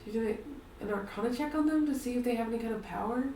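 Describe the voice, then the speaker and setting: A woman's voice: on the high side, rapid-fire, dark tone, roomy sound, far from the mic, slight background noise, low-quality recording. Blunt, curious woman tabletop player. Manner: blunt and curious, swears casually. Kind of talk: playing a tabletop game.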